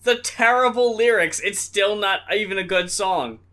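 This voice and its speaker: A co-host of a music review chat, with a voice of middling pitch, talks loosely and casually. They sound puzzled, raising question after question as they reason out loud. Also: normal speed. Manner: puzzled, questioning, thinks aloud.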